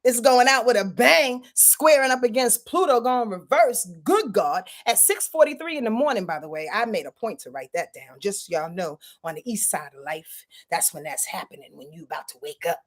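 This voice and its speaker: A woman's voice: fairly high pitch, animated, moderate pace, hardly any pauses. A woman hosting an astrology forecast in a chatty, profane way, often laughing at herself. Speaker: astrology channel host. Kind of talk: casual spoken astrology forecast.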